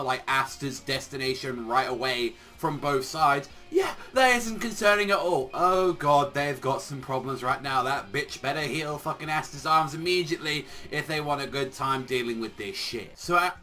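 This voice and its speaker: A man casually recapping a manga chapter, excitable and profane, full of "like" fillers. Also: a little high. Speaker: manga reviewer.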